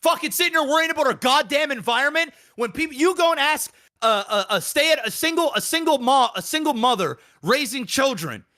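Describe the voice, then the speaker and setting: Casting: high, bright, animated man, profane podcast ranter. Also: a little fast. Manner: profane, heated, repetitive. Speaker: podcast co-host. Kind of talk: ranting casual chat.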